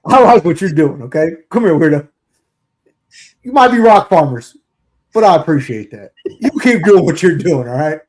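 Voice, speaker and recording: A man's voice: fairly high pitch, expressive, moderate pace, a little mellow, a little hiss or hum, lightly acted. A man on a football podcast putting on a bossy, taunting voice to call out a player. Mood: mocking. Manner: taunting, hollering address. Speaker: co-host.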